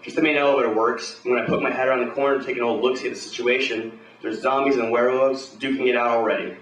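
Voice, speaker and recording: A man's voice: medium pitch, fairly even intonation, fast, a bit bright, echoey room, distant mic, poor audio. Swaggering man reading pulp live. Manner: swaggering tough-guy narration, profane. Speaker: performer at an open reading. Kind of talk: hard-boiled pulp story read aloud live.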